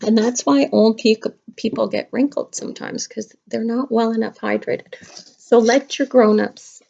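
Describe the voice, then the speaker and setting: Gravelly voiced teacher lady chatting to kids, lo-fi home video sound. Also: on the high side, fairly even intonation, normal speed, a little mellow. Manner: chatty and playful, talking to young children. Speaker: kindergarten teacher. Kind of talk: casual craft lesson to camera.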